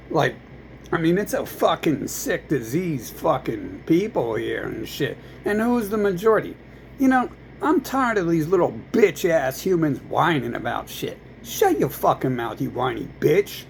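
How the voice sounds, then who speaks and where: Man, angry rambling rant, gravelly, slightly high pitch, faint background noise. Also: very animated, a little slow, poor audio. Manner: crude, angry, rambling with many fillers. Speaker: vlogger.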